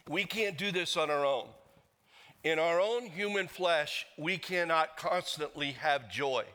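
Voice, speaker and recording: A man's voice: on the high side, pushed and bright. A man preaching a sermon as the pastor, earnest and leading the congregation in reading aloud. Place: church sanctuary. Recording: long reverb of a church hall.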